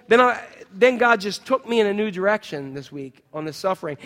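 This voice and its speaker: A man preaching a sermon in a church, conversational and animated, full of rhetorical questions to the congregation. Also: sits high, in a large hall. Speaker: pastor. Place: church sanctuary.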